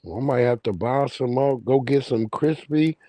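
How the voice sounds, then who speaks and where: A man's voice: medium pitch, moderate pace, dark tone, no room sound. A man hosting a livestream, swearing freely and laughing as he tells stories and greets his chat. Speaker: livestream host.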